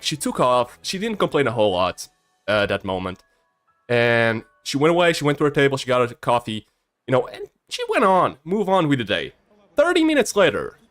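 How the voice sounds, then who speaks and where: Lively, stammering young man streamer. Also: mid-range voice. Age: early 20s. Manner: shy and stammering, with a swinging, lively delivery. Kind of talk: casual storytelling on a live stream.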